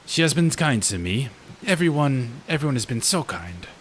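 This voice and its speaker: A man doing a French gravekeeper, gloomy and halting. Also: mid-range voice, very animated, a little hiss or hum, voice pushed up, natural voice. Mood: apologetic. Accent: put-on French. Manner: halting, apologetic. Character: gloomy male gravekeeper haunted by war.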